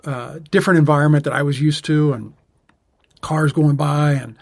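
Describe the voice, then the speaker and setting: A man co-hosting a podcast tells a personal story with many pauses and restarts. His voice sits a little high for a man. The sound is dry and close. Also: steady tone, creaky, no echo. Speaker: podcast co-host. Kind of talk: casual conversation, personal story.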